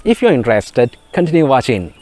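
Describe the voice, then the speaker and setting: A Sri Lankan man whose first language is Sinhala, teaching a beginner spoken English lesson in a halting way, with many fillers and repeated words. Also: medium pitch, big pitch swings, a little mellow.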